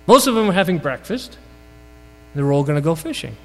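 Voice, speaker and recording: A man's voice: very animated, brisk, long pauses, in a large hall, faint music behind, rough recording. A man from Brooklyn, New York, with a Brooklyn accent, preaching a sermon and telling a story, often asking the congregation questions. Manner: storytelling, asks the audience questions, rises and falls in pitch for emphasis.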